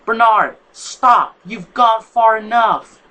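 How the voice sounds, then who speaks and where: A reader voicing Ali, a defiant young female plant in a fan story, loud and urgent. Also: medium pitch, slow pace, voice pushed up. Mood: pleading.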